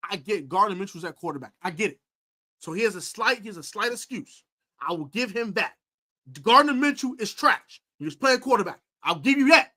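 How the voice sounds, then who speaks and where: A man hosting a football preview, trash-talking rival fans in a boastful, animated way and repeating his taunts. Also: high-pitched, a little fast. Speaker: sports podcast host.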